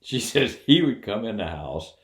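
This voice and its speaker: A man's voice: on the low side, big pitch swings, normal speed, echoey room. An older man casually telling a funny personal story, acting out the other people's voices and laughing along as he goes. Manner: folksy, laughs while telling.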